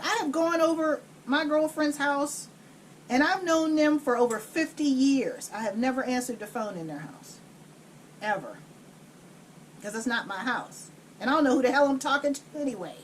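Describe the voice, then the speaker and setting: A woman telling a story in casual chat while cooking at home, blunt and profane, with an animated, no-nonsense delivery. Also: high-pitched, moderate pace, slight background noise. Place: home kitchen.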